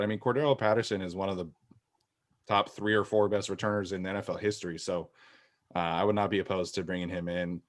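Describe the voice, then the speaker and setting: A man co-hosting a sports podcast, talking casually and thoughtfully, often trailing off quietly at the ends of sentences. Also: deep voice. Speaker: podcast co-host.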